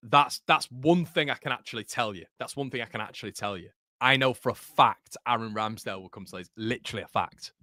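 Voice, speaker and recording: A man's voice: medium pitch, brisk, sharp tone, no room sound, studio quality. A young man hosting a live football watchalong, chatting about the match and reading out viewer comments, tired after a long stream, often repeating words. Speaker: football channel host.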